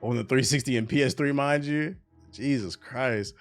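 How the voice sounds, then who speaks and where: A man's voice: medium pitch, moderate pace. A young man in his twenties, a streamer, talking through gaming news in a casual, rambling and profane way. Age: 20s.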